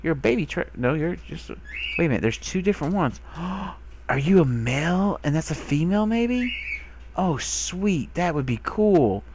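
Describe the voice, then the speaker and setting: A young man giving casual commentary while playing a video game, who talks to the animals he finds and gets excited, sometimes swearing. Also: on the high side, a little slow. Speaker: gamer. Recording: faint background noise.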